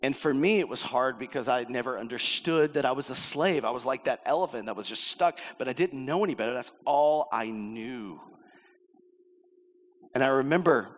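A man's voice: mid-range voice, moderate pace. Middle-aged male pastor, casual storytelling sermon, acts out quotes, long hall reverb. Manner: conversational preaching, acts out quotes.

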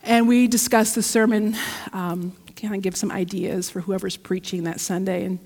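A woman preaching a sermon in a church, telling a story in a lively, heartfelt way. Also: medium pitch, normal speed. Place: church sanctuary. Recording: long church reverb.

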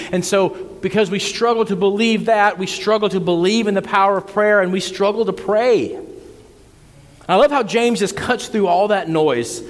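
A man preaching with a somewhat high voice, earnest and conversational, who often stumbles over repeated words. His voice rings with a long reverb, as if recorded in a large hall. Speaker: pastor. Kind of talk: sermon.

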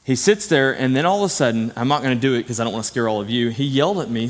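A middle-aged pastor races through a conversational sermon in a mid-range voice, barely pausing. Earnest and direct, he mixes in personal stories, and his words carry the long reverb of the church hall.

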